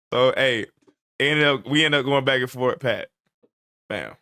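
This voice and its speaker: A man in his twenties, a podcast co-host telling a story in casual chat, animated and laughing often as he acts out what people said. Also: medium pitch, a little slow, dry recording, clean studio sound.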